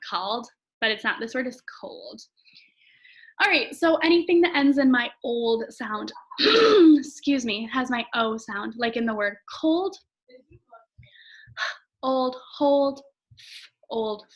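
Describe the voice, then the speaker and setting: A woman's voice: fairly high pitch, fairly bright tone, rough recording. Woman teaching a phonics lesson to kids. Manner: friendly, chatty teacher talk with drawn-out example words. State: throat tickle, clears throat often. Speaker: elementary school teacher. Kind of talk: recorded phonics lesson for young children.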